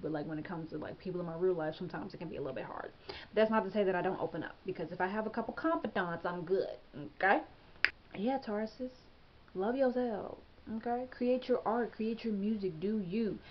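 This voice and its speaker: A woman's voice: fairly low pitch, dull audio. A woman hosting her own astrology channel, talking casually and emphatically to camera, often asking "okay?" and laughing as she gets tongue-tied. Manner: chatty, emphatic, frequent "okay?" and "you know". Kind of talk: casual tarot-style forecast to camera.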